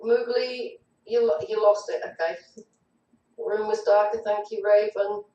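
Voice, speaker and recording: A woman's voice: medium pitch, steady tone, a little slow, warm tone, roomy sound, recorded from a distance, lo-fi sound. A woman spirit medium, shaken, reading viewer comments aloud on a live online show. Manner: shaky, reads chat comments aloud.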